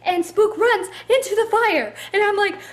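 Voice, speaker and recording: A woman's voice: very high voice, normal speed. A woman reviewing a book in a casual vlog, gushing and chatty with lots of "like" fillers.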